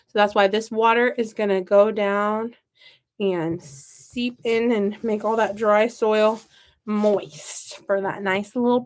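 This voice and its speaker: A young woman from the American Midwest with a Midwestern accent, chatting and rambling as she repots seedlings for her gardening vlog. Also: a little high. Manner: chatty, rambling, self-mocking. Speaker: gardening vlogger. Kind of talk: casual chat while working.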